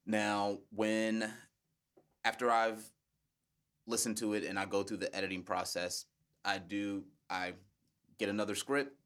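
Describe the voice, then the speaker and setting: A man with a deep, low bass voice speaks as a podcast guest. He explains his method in a measured, conversational way and laughs easily. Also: little pitch movement, fairly bright tone, smooth. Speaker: guest, public speaking coach.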